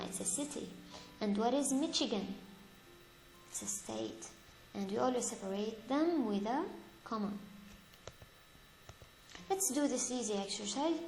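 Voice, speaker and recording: A woman teaching an English grammar lesson, reading example sentences aloud slowly and patiently, and correcting her own slips. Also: fairly high pitch, a little mellow. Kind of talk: slow, deliberate lesson for young learners. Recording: echoey room with faint music.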